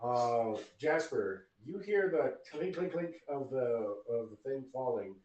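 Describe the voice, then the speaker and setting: A man narrating a tabletop game as game master, halting and restarting as he describes scenes. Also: mid-range voice, animated, a little mellow, muffled recording. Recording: roomy, distant mic.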